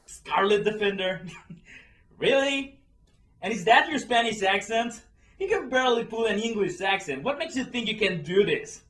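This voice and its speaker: A man reviewing a movie in a comedic, exasperated, animated way. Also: sits high, normal speed, distant mic. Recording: roomy echo.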